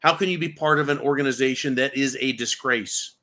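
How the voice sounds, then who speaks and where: Speaking fairly quickly in a medium-pitched, pushed and bright voice, this political show host is furious. His monologue is a profanity-laden rant full of rhetorical questions.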